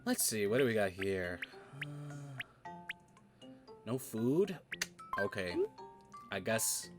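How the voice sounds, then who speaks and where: Speaking slowly with long pauses, this streamer and tabletop game master rambles through stories as he plays a video game, laughing often and cursing freely. His lowish voice has lively intonation, set against video game music.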